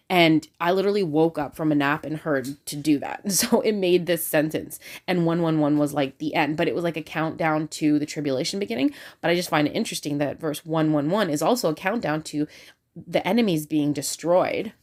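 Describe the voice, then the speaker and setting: A woman talking excitedly and casually into her phone, full of fillers and restarts. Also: sits low. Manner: excitable and talkative, many fillers. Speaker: religious video creator. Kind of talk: casual talk to camera.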